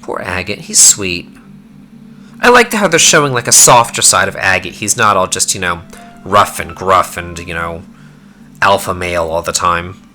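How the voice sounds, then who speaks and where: A man giving casual commentary on a game in a relaxed aside with "you know" fillers. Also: sits low, normal speed, faint music behind. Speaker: let's play host.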